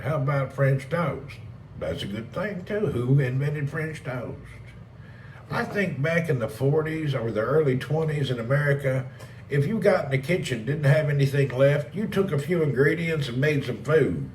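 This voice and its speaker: A man's voice: mid-range voice, a little mellow, a little hiss or hum. A man hosting a casual live stream, rambling and joking as he reads and answers chat messages. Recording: roomy, distant mic with faint ambience.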